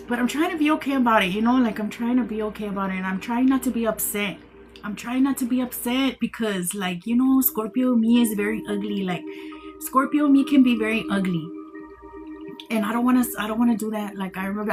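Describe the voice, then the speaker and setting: A tired woman hosting a tarot livestream, chatting casually, rambling, repeating herself and swearing freely. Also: fairly high pitch. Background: background music.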